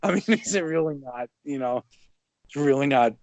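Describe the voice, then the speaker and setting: A man talks baseball on a podcast in an easy, chuckling way. His voice sits in a middle pitch and sounds close and dry. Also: moderate pace, dry recording. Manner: relaxed, chuckling, loose phrasing. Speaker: podcast co-host. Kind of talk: casual sports chat.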